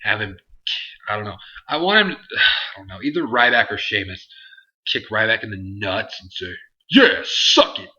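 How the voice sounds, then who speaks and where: A man's voice: on the low side, lively intonation, normal speed, bright, forceful tone, highs cut off. A man hosting a casual Q&A vlog, answering viewer questions in a rambling, self-interrupting way. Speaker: host.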